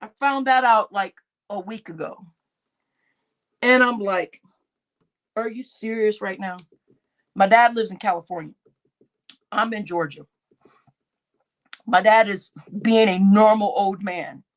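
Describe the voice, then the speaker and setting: A woman's voice: medium pitch, a little slow, pauses often. A middle-aged woman chatting on a live stream, reading out chat names, laughing often and swearing freely.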